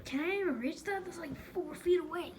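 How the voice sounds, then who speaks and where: Woman, high voice, playful and teasing, talking to her dogs, noisy home video. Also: brisk. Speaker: vlogger filming her pet dogs. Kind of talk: casual off-the-cuff chatter. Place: indoors at home.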